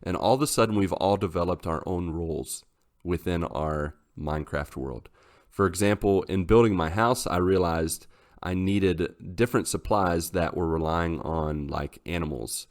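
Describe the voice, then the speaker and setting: A man co-hosting a casual podcast, telling a long rambling story in a lively way. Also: low-pitched, normal speed. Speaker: podcast host.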